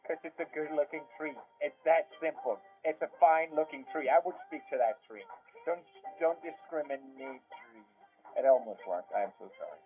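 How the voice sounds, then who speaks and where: A man's voice: a little high, moderate pace. A young man giving casual reaction commentary on video clips, with laughing outbursts and sarcastic asides. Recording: tinny phone-like sound with faint music.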